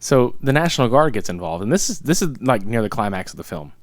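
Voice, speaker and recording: A man's voice: mid-range voice, big pitch swings, fast, dry recording. A man co-hosting a podcast, laid-back and cursing freely as he retells film scenes. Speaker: podcast co-host. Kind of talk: casual movie review chat.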